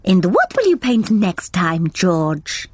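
A woman voicing a kindly gazelle playgroup teacher in a cartoon, gentle and encouraging. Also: fairly low pitch, huge pitch swings, slow, slightly rough, no echo, exaggerated voice.

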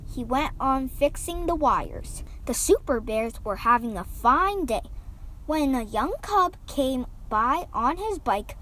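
A woman reading a children's picture book aloud, with gentle, expressive storytelling and lively voices for the characters. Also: high voice, takes it slowly, a little hiss or hum.

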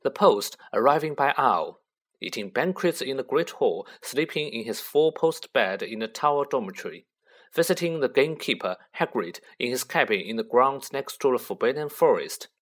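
A man narrating a storybook with expressive, varied intonation. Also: mid-range voice. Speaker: audiobook narrator.

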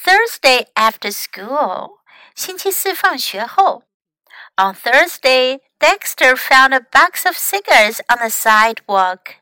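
A woman English teacher reading a children's picture book aloud, slow and deliberate. Her voice is high, bright and very lively in pitch. The recording is dry and close. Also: clear, resonant tone, dry recording. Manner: slow, expressive storytelling.

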